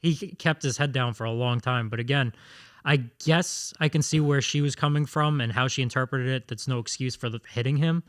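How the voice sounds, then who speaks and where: A man's voice: mid-range voice, brisk, fairly bright tone. A man in casual conversation, telling a story in a plain, matter-of-fact way. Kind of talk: casual chat.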